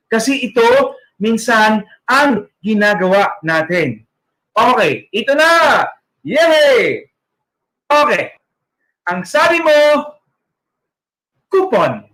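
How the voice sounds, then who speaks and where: A man's voice: very high-pitched, sharp tone, rough recording. A man with a Filipino accent leading a literacy training session, modeling sounds with exaggerated articulation and a playful, joking manner. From Philippines. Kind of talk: online training lecture.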